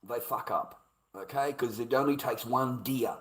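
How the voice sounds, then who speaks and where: A man's voice: mid-range voice, a little slow, fairly bright tone, rough recording. A man in a casual monologue, blunt and heavily profane, hammering his points home by repeating them. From Australia. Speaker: vlogger.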